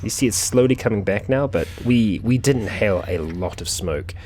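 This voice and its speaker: A man's voice: fairly low pitch, animated, moderate pace, darkish tone, slight background noise. A man hosting a let's play, chatting through his gameplay as he thinks aloud, with frequent fillers. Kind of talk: gameplay commentary.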